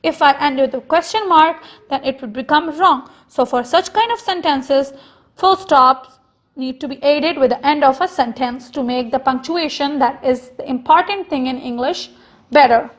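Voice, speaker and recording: High-voiced woman teacher explaining slowly. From Pakistan. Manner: slow, repetitive explaining with stressed example sentences. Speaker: school teacher. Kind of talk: recorded online lesson.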